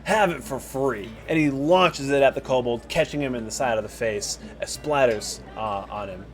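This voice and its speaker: A man narrating as dungeon master in a tabletop game, lively with many fillers. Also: mid-range voice, moderate pace, soft background music.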